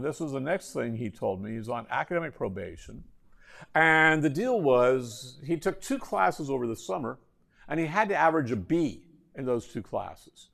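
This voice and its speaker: A man's voice: mid-range voice, gravelly. A middle-aged man, a university professor, giving a classroom lecture with anecdotes and wry joking asides.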